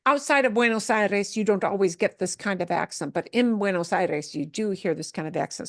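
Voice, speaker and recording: A woman teaching a Spanish class, explaining slowly, repeating words for learners and mixing English with Spanish phrases. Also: medium pitch, dry recording, clean studio sound. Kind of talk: recorded class lesson.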